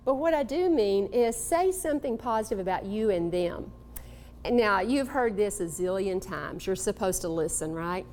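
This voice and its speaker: A woman from Texas giving a live motivational talk to an audience, animated and coaxing, calling on people in the room. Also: mid-range voice, moderate pace, a little hiss or hum. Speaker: motivational speaker.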